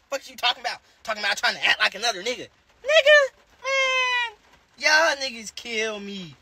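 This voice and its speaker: A rapper from Charlotte, North Carolina, with a Southern American accent, talks on a phone livestream, rambling and cursing as he answers viewers' comments. His voice is extremely high, pushed and bright, with slight background noise.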